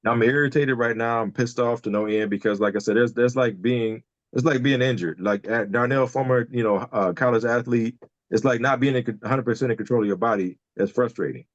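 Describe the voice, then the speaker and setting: Over a remote video call, a Detroit, Michigan man appears as a podcast guest in casual chat, speaking fairly fast at a medium pitch. He vents frankly, fired-up and candid, cursing freely and saying things twice when worked up. The sound is muffled, without echo.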